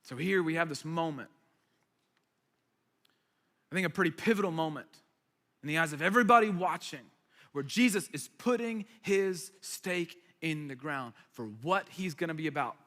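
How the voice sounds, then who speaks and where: A man's voice: high-pitched, bright, forceful tone. A man preaching a sermon as a pastor, conversational and emphatic with playful asides. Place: church hall. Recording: reverberant hall.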